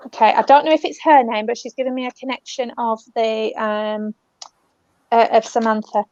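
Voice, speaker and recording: A British woman working as a spiritual medium, giving a gentle live reading and calling people love and darling. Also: on the high side, fairly even intonation, moderate pace. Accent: British English. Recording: dull, dry lo-fi audio.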